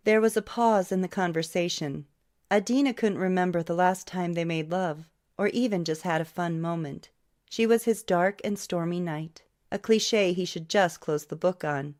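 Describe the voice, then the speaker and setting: A woman's voice: on the low side, normal speed, darkish tone. A woman narrating a novel as an audiobook, reading all the characters' lines herself. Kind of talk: scripted narration.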